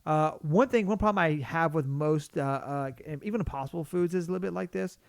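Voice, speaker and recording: A man's voice: a little high, fairly quick, creaky, clean tone, no echo, clean studio sound. A man co-hosting a casual podcast, rambling through his thoughts with many restarts. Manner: rambling, full of restarts and fillers. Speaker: podcast co-host.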